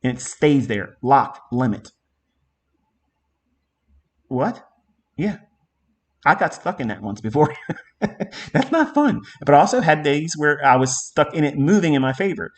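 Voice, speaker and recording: A middle-aged man teaching a live trading lesson in an emphatic, profane way, with a lot of repetition. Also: medium pitch. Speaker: trading mentor.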